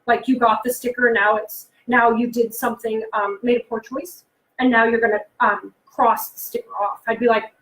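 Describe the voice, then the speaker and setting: A woman coaching parents in a casual, animated talk, often acting out what kids say and asking the listener questions. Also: on the high side, moderate pace, roomy sound, low-quality recording. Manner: animated, acts out kids' voices, asks the listener questions. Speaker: behavioral consultant and life coach.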